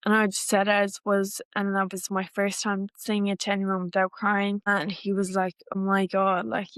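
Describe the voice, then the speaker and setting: A young Irish woman in her twenties recounts her own story as a podcast guest, chatty and meandering. Her pitch stays fairly level and even. The recording is dry and close, with no room sound. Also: no echo. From Ireland. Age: 20s. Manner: chatty, rambling, full of "like" fillers. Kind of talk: personal storytelling in a podcast interview.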